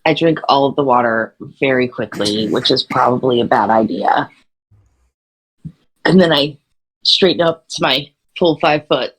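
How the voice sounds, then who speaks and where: Husky-voiced woman playing a tabletop game. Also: a bass voice, a little slow, poor audio. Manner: chatty, laughs easily. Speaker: player. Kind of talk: casual tabletop game play.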